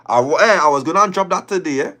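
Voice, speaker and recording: A man hosting a livestream in casual, slangy banter, reacting in an animated way and calling listeners dog and boy. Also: a little high, quick pace. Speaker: livestream host.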